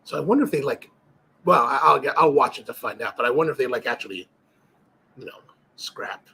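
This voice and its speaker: A man's voice: mid-range voice, animated, a little fast, gravelly, sharp tone, breathy edge. A middle-aged man hosting a cigar live stream, chatting casually, reading viewer comments and rambling through stories with many restarts. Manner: rambling, storytelling, frequent restarts and fillers. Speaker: cigar livestream host.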